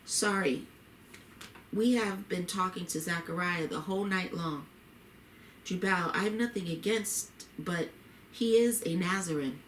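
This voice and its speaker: A woman reading the lines of a talkative, fussy male neighbor in a story, in a rambling, lively way. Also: fairly low pitch, measured pace, a little hiss or hum. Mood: chatty. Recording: roomy echo.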